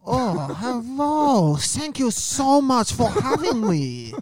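A man's voice: very high-pitched, big pitch swings, slow, a little mellow, voice pushed up, full character voice. A man putting on a Chinese accent, playing an overly polite guest in a sing-song voice.

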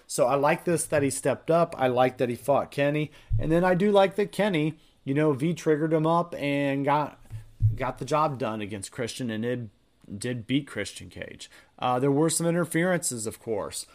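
A man hosting a podcast, recapping events in a casual, rambling, excited way with many fillers. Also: mid-range voice. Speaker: podcast host.

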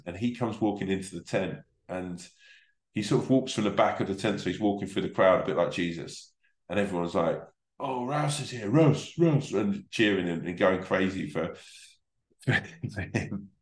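Low-voiced male comic, rambling sweary anecdotes, roomy echo. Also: normal speed. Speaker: comedian guest. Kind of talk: casual podcast storytelling.

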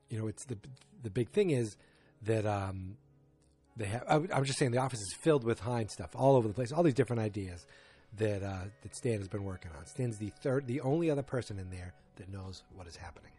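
A man with a husky voice talks through a TV episode in a loose, rambling way, often circling back and restarting his sentences. His casual recap sits over faint background music. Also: on the low side, dark tone. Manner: rambling, thinking aloud with many restarts.

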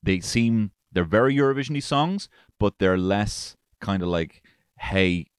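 Deep-voiced Irish man ranting irreverently. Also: lively intonation, normal speed, smooth, dry recording, studio quality. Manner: irreverent, profane, rambling jokey asides. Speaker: podcast host. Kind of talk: casual podcast chat.

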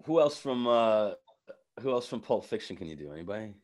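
A man's voice: on the low side, very animated, brisk, a little mellow. A man hosting a podcast, playful and joking in casual chat. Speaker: podcast host.

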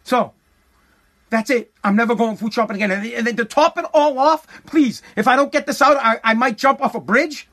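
A man's voice: very high-pitched, brisk, fairly bright tone. A man telling a comic story as a profane, exasperated rant, full of stammered restarts. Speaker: comedic storyteller.

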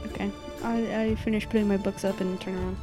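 A woman's voice: medium pitch, level tone, fast talker, over music. A woman playing a tabletop role-playing game, answering briefly and easily. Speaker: player. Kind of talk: casual tabletop role-play.

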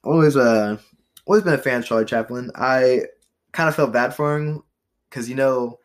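Young dude hosting a podcast, loose and rambly, swears a lot, lots of um and like. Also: male voice, mid-range voice, moderate pace. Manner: rambling, profane, with frequent fillers and restarts. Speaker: podcast host. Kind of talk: casual chat about history trivia.

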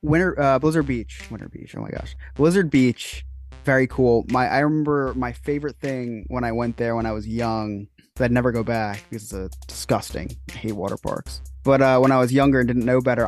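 A man's voice: medium pitch, normal speed, faint music behind. A man co-hosting a casual podcast chat, joking and talking in loose restarts. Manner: chatty, joking, many restarts. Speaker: podcast co-host.

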